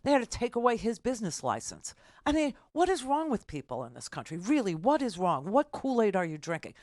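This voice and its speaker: A woman's voice: medium pitch, big pitch swings, a little fast, a little mellow, dry recording, studio quality. A middle-aged woman hosting a political talk radio show, combative and exasperated as she argues with callers' claims.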